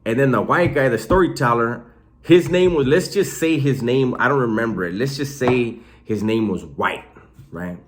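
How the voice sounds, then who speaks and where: Animated man telling prison stories. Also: medium pitch, normal speed. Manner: animated, slangy, swears freely. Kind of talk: casual storytelling.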